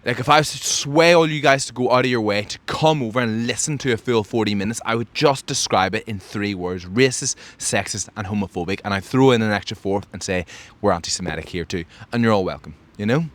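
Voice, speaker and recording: A man's voice: mid-range voice, quick pace, few pauses, a bit bright. Brash man hosting a podcast. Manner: boastful, brash, mock-grandiose. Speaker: podcast host. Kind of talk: brash comedic podcast monologue.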